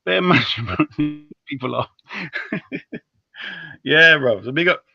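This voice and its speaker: Bright, animated man on a live stream. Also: gravelly, soft background music. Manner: animated, teasing, slangy, rapid switches between loud and low. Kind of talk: heated casual live-stream banter. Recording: dull lo-fi stream audio.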